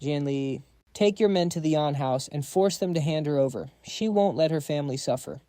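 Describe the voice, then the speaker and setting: A cold, calculating woman strategist who gives orders in a recap story, voiced by a male narrator. She sounds commanding. The voice is mellow and a little high, recorded dry. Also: moderate pace, no room sound, natural voice.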